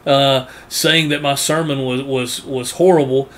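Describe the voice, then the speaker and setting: A man preaching a sermon, earnest, often repeating words and rising in pitch to press a point. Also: fairly even intonation, unhurried, fairly bright tone.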